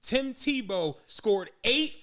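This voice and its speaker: A man's voice: very high voice, slow, noisy background. A man telling a long story in casual podcast chat, laughing often, swearing freely and acting out the voices of people he quotes. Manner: animated, laughing, profane, acts out quoted voices. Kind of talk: casual storytelling among friends.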